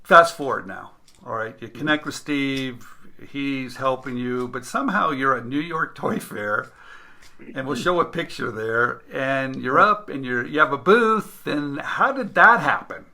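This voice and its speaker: A man's voice: medium pitch, expressive, measured pace, creaky, pushed and bright. A man hosting a casual interview, telling stories animatedly and acting out the dialogue he quotes. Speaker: host and interviewer.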